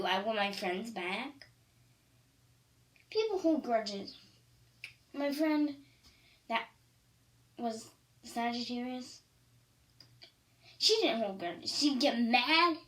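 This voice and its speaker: Female vlogger, high voice, unhurried delivery, rambling and stop-start, repeats herself for emphasis. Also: expressive, fairly bright tone, recorded from a distance. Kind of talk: casual monologue to camera.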